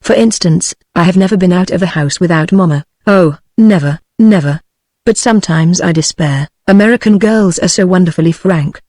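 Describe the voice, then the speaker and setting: A wistful, coquettish young girl in a storybook, read by a synthetic woman's voice with a British accent. The delivery stays even and measured, and the sound is dry and close. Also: fairly low pitch, no room sound, lightly acted. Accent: British English.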